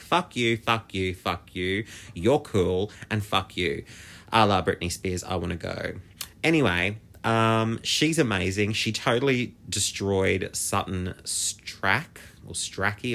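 A man hosting a casual solo podcast, chatty, camp and gossipy, his pitch jumping up high when excited. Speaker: podcast host.

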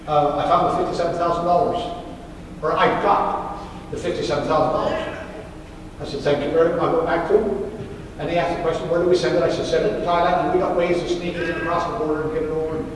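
Fast-talking, with a fairly high pitch, a man preaches as a pastor and acts out the quoted dialogue of people in his story with lively energy. The setting is a large hall or church, recorded from far off with echo, faint ambience, and a little hiss or hum.

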